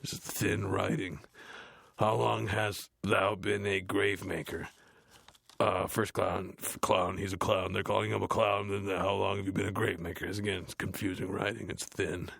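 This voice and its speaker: An actor playing a dim, gruff heavy metal frontman, reading a book aloud in a deadpan, grumbling, dismissive way, with a gravelly, growly voice. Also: low-pitched, normal speed, no echo, heavily acted. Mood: bored grumbling. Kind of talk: comedic audiobook reading.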